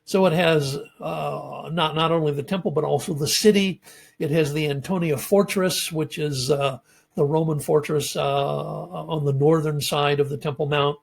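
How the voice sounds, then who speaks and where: A man giving a measured, explanatory lecture on scripture as a Bible teacher, pausing often with ums and uhs. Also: on the high side, steady tone, gravelly, husky.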